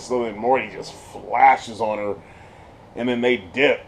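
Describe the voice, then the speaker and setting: A man giving a casual spoiler review of a TV episode, slangy and excited, laughing often as he retells scenes. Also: medium pitch, measured pace, gravelly, slight background noise.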